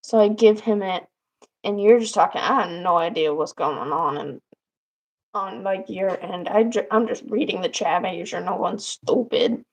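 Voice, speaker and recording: A woman's voice: medium pitch, normal speed, poor audio. A woman co-hosting a livestream and moderating its chat, telling stories in casual conversation. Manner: chatty, storytelling.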